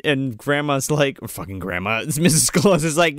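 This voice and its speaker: A man's voice: medium pitch, expressive, moderate pace, dry recording, clean studio sound. A man casually riffing on an old movie with friends, swearing, laughing and acting out characters in silly voices. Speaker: podcast co-host.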